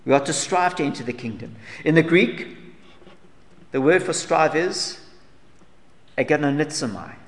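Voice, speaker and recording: A man preaching a sermon earnestly, asking rhetorical questions and dropping to soft asides. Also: on the high side, animated, unhurried, pauses often, big-room sound. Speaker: pastor.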